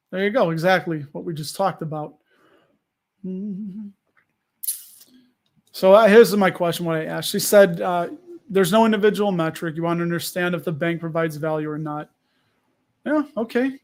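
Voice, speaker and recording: A man hosting a live stream in casual chat, rambling, restarting sentences and answering viewers as he goes. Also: high-pitched.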